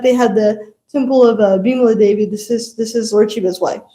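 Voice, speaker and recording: A woman's voice: a little high, warm tone, echoey room, poor audio. A woman giving a devotional talk, telling a story animatedly and laughing often. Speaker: devotional speaker.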